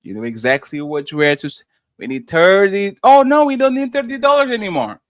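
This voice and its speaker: A man hosting a live stream, loudly reading out and reacting to chat messages. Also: high-pitched, brisk, no echo. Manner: loud, animated, shouts out chatters. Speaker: livestream host.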